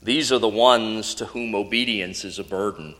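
Earnest preacher guy, bright forceful voice, lots of hall echo, keeps asking questions. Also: fairly low pitch, normal speed. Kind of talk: sermon. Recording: long hall reverb.

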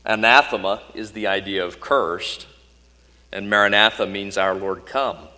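A man's voice: lowish voice, steady tone, measured pace, sharp tone. A man preaching a sermon in an earnest, emphatic way, often asking the congregation questions. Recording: long hall reverb.

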